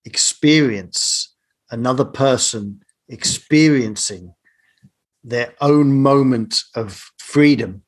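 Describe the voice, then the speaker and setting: Male host, unhurried and thoughtful, mid pitch, reflective interview tone. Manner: thoughtful, drawn-out phrasing, asks tag questions. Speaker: podcast host.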